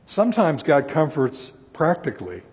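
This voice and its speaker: Husky-voiced preacher in a reverberant hall. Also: male voice, on the high side, very animated, moderate pace. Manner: earnest, voices scripture laments with rising intensity. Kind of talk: sermon.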